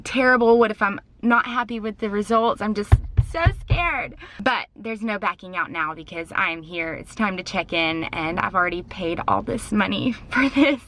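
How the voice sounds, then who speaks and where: A young woman from Oregon, USA, vlogs casually to her camera at home and in her car, sounding nervous, giggly and self-conscious. Her voice is medium-pitched and a bit bright.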